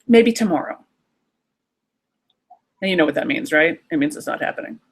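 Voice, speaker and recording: A woman leading a creativity workshop, talking straight to her listeners in a lively, animated way. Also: sits low, very fast, vocal fry, slightly rough. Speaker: workshop teacher, creativity coach. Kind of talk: live online workshop talk.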